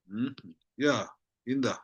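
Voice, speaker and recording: Slow, patient male teacher. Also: mid-range voice, husky. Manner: patient, repeats syllables slowly, checks understanding often. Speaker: Tibetan language teacher. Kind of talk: slow spoken lesson.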